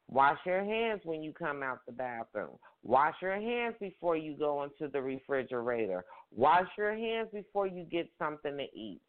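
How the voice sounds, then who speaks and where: Sassy woman host over a tinny phone line. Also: deep voice. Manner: sassy, repetitive exhortations, call-and-response. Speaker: radio talk show host. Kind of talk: casual motivational prayer-line talk.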